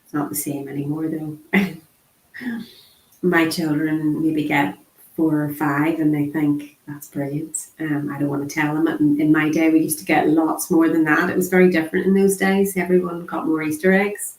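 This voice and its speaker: A woman voicing a casual online sign language lesson, chatty and unhurried, with frequent ums. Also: deep voice, flat delivery, darkish tone. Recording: echoey room.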